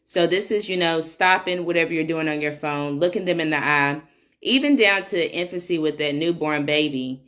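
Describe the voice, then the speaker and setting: Low-voiced woman chatting on a podcast. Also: moderate pace, a bit bright. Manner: chatty and candid, frequent um fillers. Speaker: podcast host. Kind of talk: casual solo parenting podcast talk.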